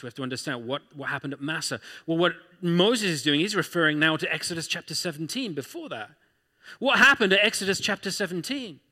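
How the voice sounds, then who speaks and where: Guy preaching a sermon, kinda high bright voice, asks the crowd lots of questions, big hall echo. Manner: conversational preaching, rhetorical questions. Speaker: pastor.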